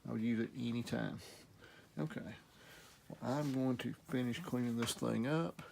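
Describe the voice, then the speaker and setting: A middle-aged man with a Southern US accent, casually demonstrating guitar care in a relaxed, rambling way while he works. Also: medium pitch, normal speed, gravelly, a little hiss or hum. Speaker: guitar repair instructor.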